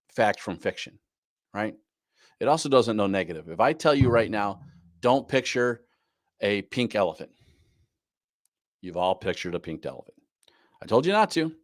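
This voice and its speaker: A man's voice: medium pitch, no room sound, clean studio sound. Emphatic man coaching an online class. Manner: emphatic, repeats key points, fillers like "right?". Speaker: business coach. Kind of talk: live online class on goal planning.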